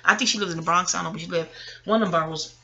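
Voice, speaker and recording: A woman, telling a personal story to her viewers in a casual, profane and animated monologue. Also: lowish voice, very fast, muffled recording. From New York. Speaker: vlogger.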